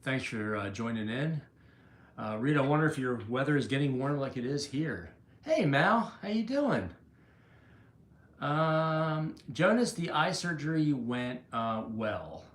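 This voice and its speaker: A man's voice: mid-range voice, measured pace, echoey room. A man hosting a casual livestream, greeting viewers by name while out of breath and rambling through restarts. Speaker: livestream host.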